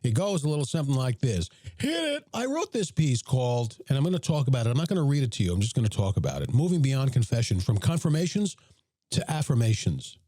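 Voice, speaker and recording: Man, hoarse, deep and raspy, chatty and blunt, dark tone, dry room. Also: sing-song, fast, no echo. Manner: chatty, blunt, self-promoting. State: hoarse from a cold. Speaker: podcast host. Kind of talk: casual livestream talk.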